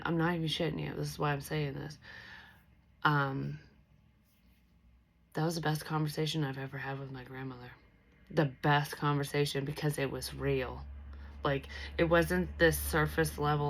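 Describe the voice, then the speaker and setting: Blunt low-voiced young woman vlogger. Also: steady tone, normal speed, low-quality recording. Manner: blunt, swears freely, restarts often. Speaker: psychic medium vlogger. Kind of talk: casual storytelling to camera.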